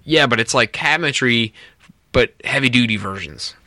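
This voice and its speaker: A man's voice: medium pitch, normal speed, no echo. A man from North America co-hosting a podcast, chatting casually and telling rambling stories. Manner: rambling storyteller, lively when telling stories. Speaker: podcast co-host. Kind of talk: casual chat.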